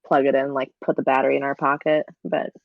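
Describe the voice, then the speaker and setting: A woman co-hosting a casual podcast, relaxed and matter-of-fact. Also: rumbling low, fast, gravelly, no echo. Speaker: podcast co-host. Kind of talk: casual chat. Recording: dull lo-fi mic.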